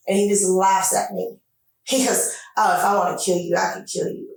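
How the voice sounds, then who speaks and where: A woman being interviewed by detectives, retelling events in an animated way, acting out what was said and swearing freely. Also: mid-range voice, normal speed. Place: interrogation room. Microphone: distant room camera mic. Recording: echoey room picked up from far off.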